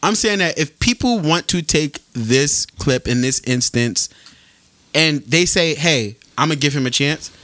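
A man co-hosting a casual podcast, talking in animated, slangy banter and laughing often. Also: on the high side, unhurried, no echo. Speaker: podcast co-host.

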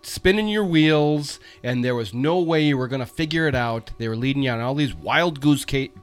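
Brief: male co-host, casual talk, meandering delivery, average pitch. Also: moderate pace, smooth, soft background music. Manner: rambling, searching for words. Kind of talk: casual chat about a TV show.

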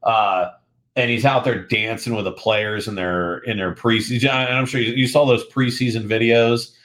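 A man's voice: mid-range voice, steady tone, normal speed, fairly bright tone. A man with a mid-range voice co-hosting a casual sports podcast. He talks bluntly and conversationally and drops the odd curse. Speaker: podcast co-host.

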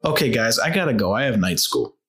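A man's voice: medium pitch, animated, fairly quick, fairly bright tone. An actor playing a cocky, laid-back male coworker with a Nepalese accent at a sketch table read. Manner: cocky, easygoing, ends lines with man. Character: laid-back male coworker, boastful, says man constantly.

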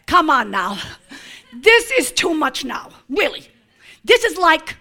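A woman preaching a sermon, moving from hushed, tender passages to shouted declarations, with playful, laughing asides. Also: very high-pitched, lively intonation, takes it slowly, pauses often.

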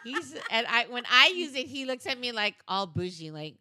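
A woman's voice: fairly high pitch, sing-song, normal speed, sharp tone, no room sound, clean studio sound. A woman co-hosting a podcast in casual chat, playful and slangy, telling stories with quoted voices. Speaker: podcast co-host.

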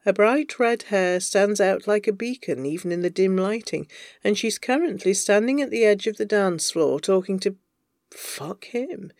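A narrator reading fan fiction aloud, with even, wry storytelling. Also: medium pitch, moderate pace, no echo, clean studio sound.

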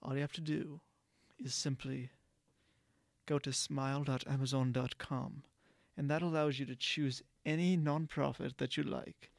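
Male podcast host, gravelly tone, rambly delivery with lots of restarts, dry close sound. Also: mid-range voice, fairly even intonation, measured pace, dry recording. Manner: rambling, frequent restarts and self-corrections. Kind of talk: casual solo podcast talk.

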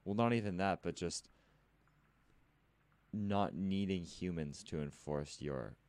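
A man's voice: sits low, slow, a little mellow, clear, resonant tone, no room sound. A man hosting a podcast in casual conversation, with a musing, speculative way of talking. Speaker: podcast host.

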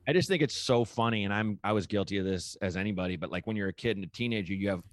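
A man's voice: fairly low pitch, very fast, dry recording, clean studio sound. A young man chatting casually as a podcast guest, rambling with lots of filler words and acting out quoted people. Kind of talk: casual chat.

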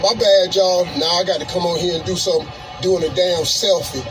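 A man's voice: sits high, steady tone, fairly quick. A man in his sixties giving a blunt, exasperated selfie-video apology in casual slang. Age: 60s. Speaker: public figure addressing fans. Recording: video clip with loud music behind.

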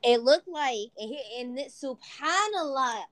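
A woman co-hosting a casual podcast chat, animated and acting out quoted voices. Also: high-pitched, measured pace, dry recording. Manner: animated, swears, acts out quotes. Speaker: podcast co-host.

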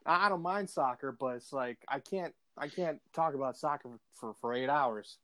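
A man's voice: medium pitch, normal speed, a bit bright. A man chatting casually on a podcast, rambling with lots of fillers and restarts and slipping into voices. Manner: does voices and impressions. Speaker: podcast co-host. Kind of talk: casual chat.

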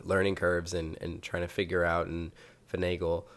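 Brief: deep-voiced male host, halting casual questions. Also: completely flat delivery, fairly bright tone. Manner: hesitant, rambling questions with fillers. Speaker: podcast host, teacher. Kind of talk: casual chat.

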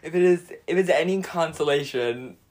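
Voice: medium pitch, moderate pace, darkish tone. A podcast co-host in casual chat, teasing and laughing a lot.

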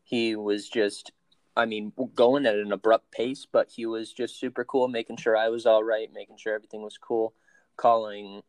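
A young man in his twenties telling the story of his accident in an interview, halting and full of fillers and restarts. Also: on the low side, level tone, dry recording. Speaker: interview guest.

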